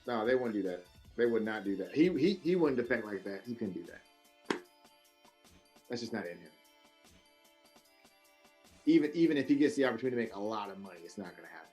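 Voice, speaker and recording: A man co-hosting a casual wrestling podcast, ranting in an animated, profane way, swinging from loud high outbursts to low mutters. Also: a little fast, long pauses, soft background music. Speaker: podcast co-host.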